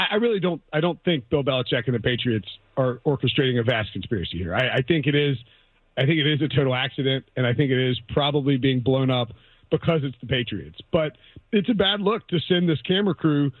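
A man's voice: on the high side, no echo. A man co-hosting a sports radio show, casual and sarcastic, rambling with frequent restarts. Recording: tinny phone-like radio audio.

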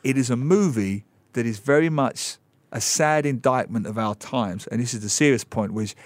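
A man's voice: mid-range voice, normal speed, no room sound. Sarcastic man in his forties on radio. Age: 40s. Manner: animated and sarcastic, with mocking asides. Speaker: radio guest and film commentator. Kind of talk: casual radio chat.

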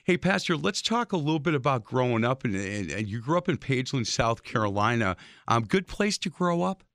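A man hosting an interview, telling a lively story with stammered restarts. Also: medium pitch, a little fast, no room sound, clean studio sound. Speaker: host.

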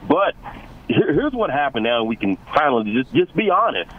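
A man calling into a sports radio show, ranting excitably and stumbling over repeated words. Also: medium pitch, fairly quick, phone-quality sound. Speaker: caller.

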